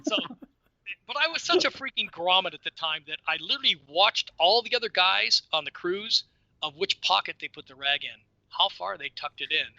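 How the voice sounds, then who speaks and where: A man in his sixties, a podcast guest telling stories in an animated, casual way and repeating words as he goes. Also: high-pitched, normal speed, gravelly, dry recording, muffled recording. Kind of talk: casual storytelling.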